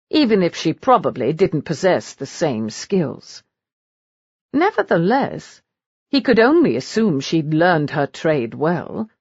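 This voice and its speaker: A woman narrates a romance audiobook in a measured, storytelling way. Her voice sits low but swings widely in pitch. The recording is dry and slightly dull. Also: husky, dry recording.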